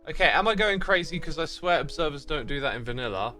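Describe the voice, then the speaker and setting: Bright, lively British man streaming. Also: a little high, quick pace, faint music behind. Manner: thinking aloud and chatting with viewers. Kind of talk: casual livestream commentary.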